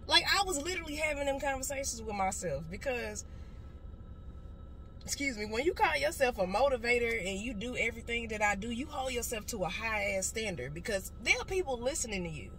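A woman's voice: a little high, lively intonation, a little fast, poor audio. A woman in her late twenties, a motivational speaker, telling a blunt and profane story in a casual car vlog. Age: late 20s. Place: inside a car. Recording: loud car noise behind. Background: car noise.

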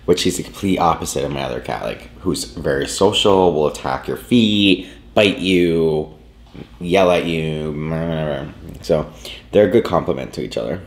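In an echoey room, a man vlogs a casual, rambling story at home, packed with fillers and plenty of "like." He has a bass voice and talks at normal speed.

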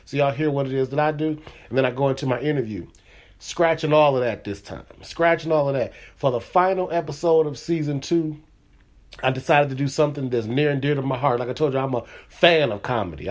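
A middle-aged man hosting his own comedy podcast, talking loosely and casually with lots of "you know what I'm saying" fillers. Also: medium pitch. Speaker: podcast host. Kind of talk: casual solo podcast monologue.

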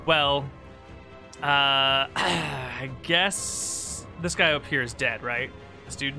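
Bright-voiced playful gamer man. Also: medium pitch, very slow, vocal fry, faint music behind. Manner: playful, narrating his characters' actions. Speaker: player. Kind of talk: playing a tabletop game.

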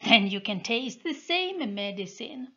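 A blunt, mocking soldier who jeers at his foe, read by a woman who barely changes her voice. The delivery is slow and plain. The sound is dull and lo-fi. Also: on the high side, sing-song, sharp tone, heavily acted. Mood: jeering. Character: rough, mocking male soldier.

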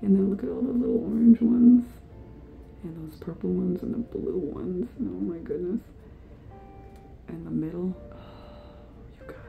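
A woman's voice: lowish voice, moderate pace, vocal fry, long pauses, narrow, tinny audio, soft background music. A woman hosting an art channel, talking casually to her viewers, emotional and teary, gushing and laughing often. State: teary, sniffly. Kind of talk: casual vlog talk to camera.

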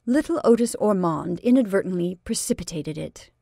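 A woman reading a classic short story aloud in a measured, expressive narration. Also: medium pitch, no room sound, studio quality.

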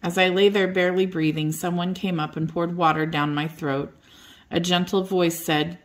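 An older woman reading a children's bedtime story aloud in a gentle, expressive way. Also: fairly low pitch, normal speed.

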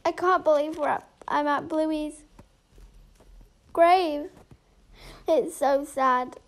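High-voiced woman telling a game story. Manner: emotional, dramatic, with laughs. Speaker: storyteller and main character. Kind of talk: game role-play story.

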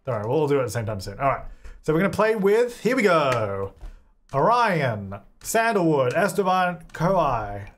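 This is a young man hosting a relaxed game playthrough. His voice sits a touch high and swings widely in pitch as he chats, jokes and laughs at the game. He sometimes slips into silly squeaky voices for his characters. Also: normal speed. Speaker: gaming channel host. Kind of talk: casual let's-play commentary.

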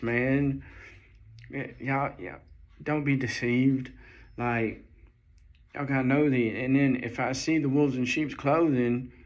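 A man giving a fervent religious vlog monologue, halting and repeating phrases as he warns his viewers. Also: mid-range voice. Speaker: Christian video preacher.

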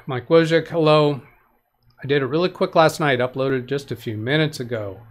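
Speaking at a moderate pace in a medium-pitched voice, this live tech help stream host reads out comments from viewers. He rambles, corrects himself often and restarts, while giving plain practical advice.

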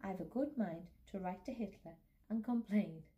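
A woman's voice: medium pitch, moderate pace, lo-fi sound, natural voice. A woman voicing a father who speaks in a wry, understated, dryly humorous way, reading from a storybook.

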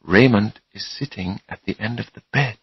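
A man reading a storybook voices an upset young woman, speaking in a hushed, clipped way. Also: fairly high pitch, huge pitch swings, normal speed, slightly rough, no room sound, dull audio, pitched above the performer's own voice, heavily acted.

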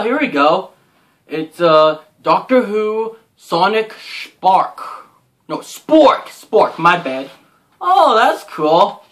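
A young man excitedly gushing as he unboxes a subscription crate, full of "oh my gosh" and filler words. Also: sits high. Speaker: unboxing vlogger. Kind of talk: casual unboxing commentary.

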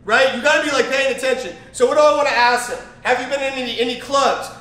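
A man with a bright, forceful voice gives a loose motivational training talk, repeating himself and stacking fillers as he drives his points home. The recording sounds roomy and echoey. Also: very high voice, fairly even intonation, fast talker. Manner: rambling, repetitive, emphatic, with many fillers and restarts. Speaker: network marketing trainer. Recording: roomy echo.

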